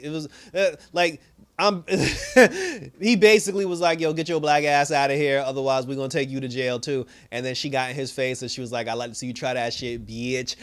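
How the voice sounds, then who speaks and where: A man giving a casual, rambling recap of a TV episode. He fills his talk with "you know" and "like", laughs often and acts out the characters' lines. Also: mid-range voice. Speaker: TV review host.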